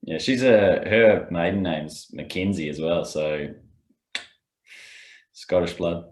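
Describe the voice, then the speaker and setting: A man co-hosting a podcast, calmly explaining rules step by step. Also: low-pitched, slow pace. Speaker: podcast co-host and rules expert. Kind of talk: casual podcast chat, explaining. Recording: roomy echo.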